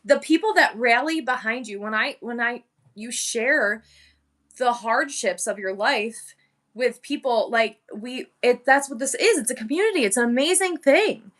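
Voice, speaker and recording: A woman's voice: on the high side, expressive, a little slow, a bit bright. A woman hosting a casual livestream, talking candidly and bluntly, rambling with many restarts. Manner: blunt and swears freely. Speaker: livestream seller and host.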